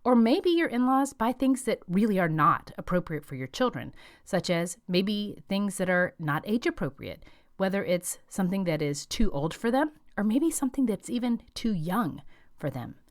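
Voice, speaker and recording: Calm, direct woman podcast host. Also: mid-range voice, moderate pace, no echo, studio quality. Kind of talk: advice podcast monologue.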